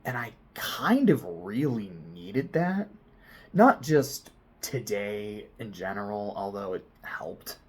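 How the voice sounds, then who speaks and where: A man telling a personal story to camera in a casual vlog, swinging between loud excited bursts and quiet near-whispered asides. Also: fairly low pitch, takes it slowly, husky. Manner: frequent swearing, casual slang. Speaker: vlogger.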